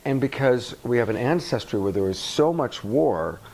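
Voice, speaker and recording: A male coach speaking to a workshop audience in a lively, swooping voice. He checks in with the room often and acts out little examples as he explains. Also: mid-range voice, normal speed, creaky, poor audio. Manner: animated, asks the audience questions, acts out examples. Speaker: relationship coach. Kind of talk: workshop talk to a live audience.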